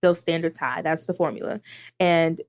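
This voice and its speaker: A woman's voice: sits low, normal speed. A woman co-hosting a podcast, chatting casually in slang and laughing often. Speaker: podcast co-host.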